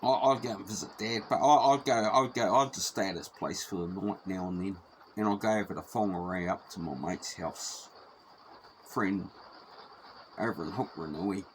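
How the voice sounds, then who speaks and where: A man's voice: low-pitched, moderate pace, a little hiss or hum, rough recording. A middle-aged man with a New Zealand accent telling a personal story casually, swearing freely and repeating himself as he goes.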